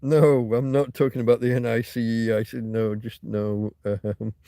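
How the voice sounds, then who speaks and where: Swearing, ranting livestream host, mellow man. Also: mid-range voice, little pitch movement, moderate pace, gravelly, dry recording, clean studio sound. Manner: ranting, swearing freely, frequent restarts and repeats. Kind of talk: casual rambling livestream chat, reading viewer comments.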